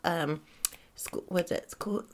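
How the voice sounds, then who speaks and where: A woman from Michigan, a podcast co-host, chatting casually with her husband, playful and teasing and quick to laugh. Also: lowish voice, slight background noise. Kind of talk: casual chat.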